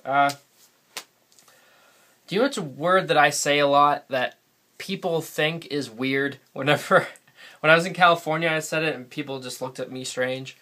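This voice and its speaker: A bright-voiced guy from New England, USA, sits alone before a camera recording a casual solo vlog on its built-in mic. His voice is a little high with fairly even intonation, and he talks a little slowly, rambling and chatting with frequent laughs.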